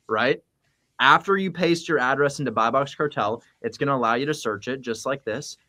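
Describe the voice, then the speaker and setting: A blunt, high-energy man talking through his method like a coach. His voice sits at an ordinary middle pitch and he swears freely in casual conversation. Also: a bit bright. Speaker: real estate wholesaling coach. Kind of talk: casual chat, animated teaching.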